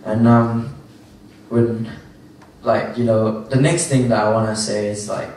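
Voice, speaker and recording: A man's voice: on the low side, flat delivery, unhurried, a little mellow, a little hiss or hum. A young man giving an informal youth sermon, rambling with lots of fillers and restarts. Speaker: youth speaker. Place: church hall. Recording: very echoey hall, from far off.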